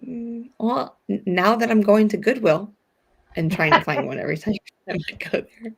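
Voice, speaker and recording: A woman's voice: medium pitch, normal speed, gravelly, breathy edge. A woman in casual chat, asking hesitant, rambling questions with many fillers.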